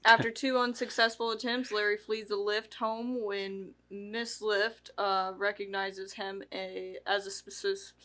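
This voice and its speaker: A woman's voice: medium pitch, level tone, a little slow, hardly any pauses, pushed and bright. A woman co-hosting a podcast, reading out a plot summary and stumbling over words. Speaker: podcast co-host.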